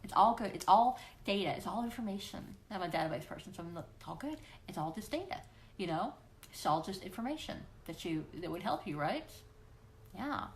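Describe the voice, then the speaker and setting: A woman with a mid-range, animated, brisk voice runs a weekly live question-and-answer stream. Playful and encouraging, she talks casually to viewers and frequently acts out voices she quotes. Her livestream computer mic picks up a little hiss or hum.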